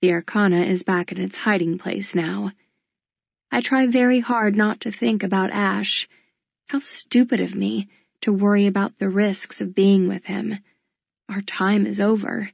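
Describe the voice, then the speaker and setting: A woman narrating a first-person audiobook in a subdued, measured reading. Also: medium pitch, steady tone, creaky, dry recording. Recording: dull lo-fi dry recording.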